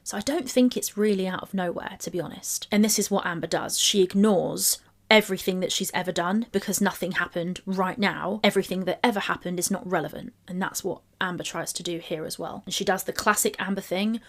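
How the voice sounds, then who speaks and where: A woman's voice: fairly low pitch, brisk. A woman giving blunt, critical reaction commentary on messages she reads aloud, with some swearing.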